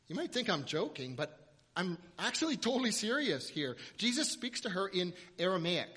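Male pastor, high and bright, animated sermon delivery. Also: normal speed, reverberant, long reverb tail. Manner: animated storytelling preacher, builds to loud emphatic runs.

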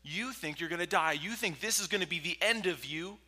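A man acting out Jesus as a calm, reassuring grown man, gently pleading with his friends in a reverberant hall. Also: high-pitched, a little fast, soft background music, pitched above the performer's own voice, full character voice.

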